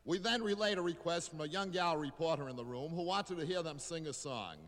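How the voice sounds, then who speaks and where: A man narrating as a radio reporter in a formal, brisk announcer style. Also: a little high, fairly bright tone, big-room sound. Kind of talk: vintage radio news narration.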